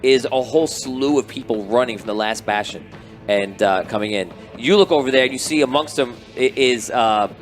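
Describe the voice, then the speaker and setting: A man running a tabletop game, describing the scene in a rambling, excited way with many restarts. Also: medium pitch, moderate pace, soft background music. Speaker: game master.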